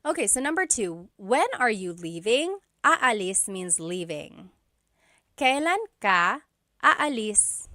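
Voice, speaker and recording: A woman teaching an online language lesson, patiently repeating phrases slowly for practice, with light laughs between explanations. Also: medium pitch, very animated, bright, forceful tone, no echo, clean studio sound.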